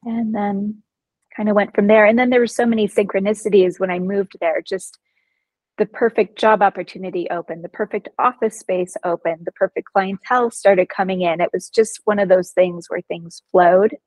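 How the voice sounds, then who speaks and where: A woman, a psychologist guest in a casual interview, telling personal stories in an expressive, vivid way. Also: medium pitch, normal speed, no echo, low-quality recording.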